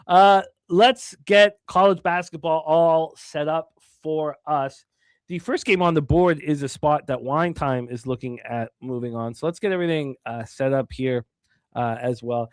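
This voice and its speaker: Male sports betting host, fairly high voice, loose and rambling delivery, dry studio sound. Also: normal speed, no room sound. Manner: rambling, self-correcting, upbeat. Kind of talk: casual sports betting talk.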